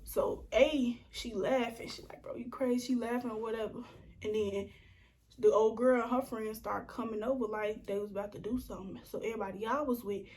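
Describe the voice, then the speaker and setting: A young woman tells a storytime in a vlog. Her voice sits a little high, and she acts out each quote with sudden drops into whispers. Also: steady tone, brisk, darkish tone, a little hiss or hum. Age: young adult. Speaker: vlogger.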